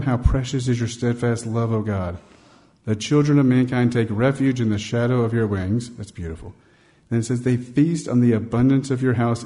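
A man's voice: medium pitch, dark tone. A man preaching a sermon in a conversational storytelling manner, acting out bits of dialogue and growing emphatic on key points.

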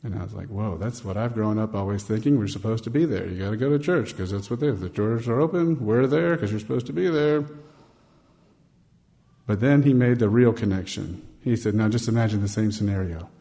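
A man preaching a sermon with a mellow, somewhat low voice. He tells stories in a conversational way, slipping into bits of dialogue, then turns emphatic and animated as he drives his point home. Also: brisk, gravelly. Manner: storytelling, conversational, acts out dialogue.

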